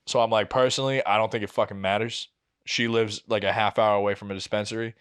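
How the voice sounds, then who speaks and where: A young man in his twenties telling a long story on a casual podcast, profane and animated, acting out what people said. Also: fairly low pitch, fast, clean tone. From New England. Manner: animated, profane, acts out quotes. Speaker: podcast co-host.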